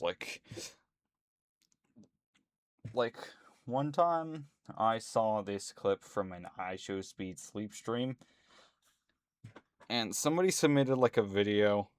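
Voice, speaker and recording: A man's voice: fairly low pitch, dry recording. A man at home, rambling indignantly as a YouTuber in casual ranting commentary, full of fillers.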